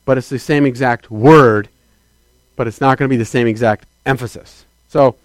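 A man preaching a sermon as a pastor, swinging between loud declarations and quiet asides and calling out to the congregation. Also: mid-range voice, fairly even intonation, normal speed, no echo. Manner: calls out to the congregation for affirmation.

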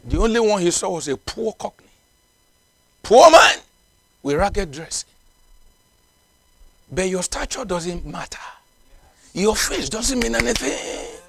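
A man's voice: high voice, animated, slow pace, creaky, pauses often, fairly bright tone, breathy edge, dry recording. A man preaching a sermon in a non-native English, emphatic and repetitive, with frequent exclamations of praise. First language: not English.

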